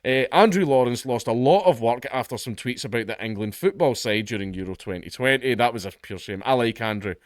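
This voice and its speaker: A man's voice: medium pitch, animated, brisk, hardly any pauses, no echo, clean studio sound. A Scottish man giving opinionated commentary as a channel host, sardonic and mocking, with emphatic asides.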